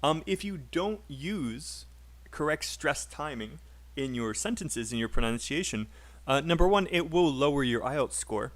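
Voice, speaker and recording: A man's voice: fairly high pitch, animated, measured pace. A British man who teaches English in a live online class, upbeat and explaining, modelling sentences aloud for his students.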